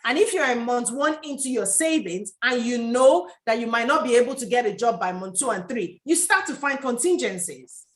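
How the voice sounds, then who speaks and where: A woman's voice: fairly high pitch, expressive, normal speed. A woman from Nigeria, in her thirties, hosting a livestream and giving passionate career advice as an HR coach.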